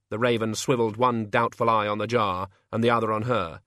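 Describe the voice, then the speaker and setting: A man's voice: on the low side, steady tone, brisk, hardly any pauses, sharp tone, no echo. A man reading a story aloud with dry, wry narration. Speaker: audiobook narrator. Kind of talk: scripted narration.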